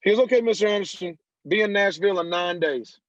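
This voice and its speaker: A man, a country singer guest on an interview podcast, telling stories lively and acting out the people he quotes. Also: sits high, quick pace, dry recording. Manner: animated storyteller who acts out quoted dialogue. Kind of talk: casual interview storytelling. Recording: dull lo-fi dry sound.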